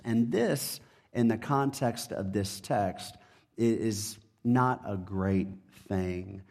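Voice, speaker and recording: Slow, measured male preacher. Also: on the low side, a little mellow. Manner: measured, halting delivery with frequent fillers. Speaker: pastor. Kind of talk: sermon with scripture reading.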